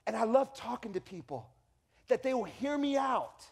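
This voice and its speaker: Male pastor, high voice, lively sermon delivery with acted-out quotes. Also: moderate pace, vocal fry, husky. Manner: animated storytelling with acted quotes and repeated restarts.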